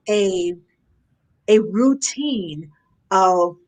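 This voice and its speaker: Woman chatting about nanny life, animated, does little voices for parents n kids. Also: mid-range voice. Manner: animated, acts out parents and kids in quick asides. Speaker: nanny guest. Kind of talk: casual advice conversation.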